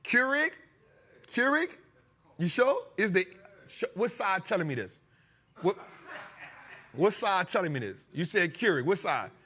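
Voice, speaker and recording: A man's voice: sits high, normal speed, slight background noise. A male host talking stocks in a loose, joking way, laughing and teasing his crew. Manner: animated, joking, laughing often. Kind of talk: comedic finance talk show.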